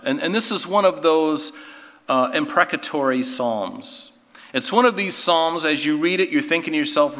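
A man delivers an earnest, emphatic sermon in a church, his voice fairly high and forcefully bright. Long reverb from the hall trails his words as he restarts phrases and presses rhetorical questions on the congregation. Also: expressive, moderate pace. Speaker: preacher.

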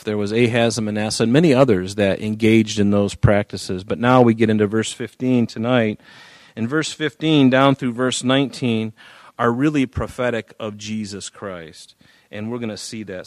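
A man's voice: mid-range voice, no room sound. A man preaching and teaching through a Bible chapter in a conversational way, with frequent fillers and restarts, lifting his voice when he reads scripture aloud. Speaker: pastor.

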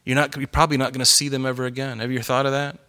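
A middle-aged man preaching a sermon in an earnest, conversational storytelling way, growing animated as he goes. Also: mid-range voice, rapid-fire, clean tone. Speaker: pastor.

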